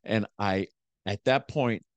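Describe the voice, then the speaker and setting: A man's voice: on the low side, slow pace, no echo. A man who is a motivational speaker and preacher, telling his story in a casual podcast interview with emphatic, repetitive phrasing.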